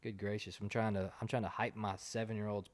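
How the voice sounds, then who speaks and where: Low-voiced man teasing his co-host. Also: little pitch movement, a little fast. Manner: teasing, easygoing banter. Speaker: podcast co-host. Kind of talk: casual podcast chat.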